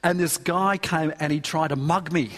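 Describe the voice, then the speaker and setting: A man voicing an excited new convert, eager, earnest and gushing. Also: fairly high pitch, normal speed, natural voice. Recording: long hall reverb.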